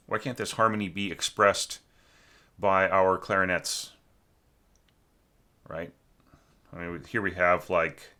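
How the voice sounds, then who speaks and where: Male orchestration teacher, low voice with a sharp edge, informal spoken critique with sung examples. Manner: chatty, full of fillers, sings phrases to illustrate. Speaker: orchestration teacher reviewing student scores.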